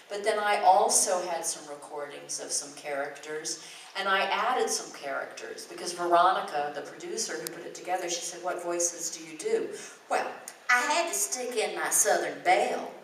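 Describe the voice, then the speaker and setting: A woman's voice: fairly low pitch, far from the mic, slight background noise. Chatty older woman in an echoey hall. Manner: chatty, animated storyteller. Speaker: convention guest voice actor. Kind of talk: convention Q&A talk. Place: large convention hall. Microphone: distant from the recording mic.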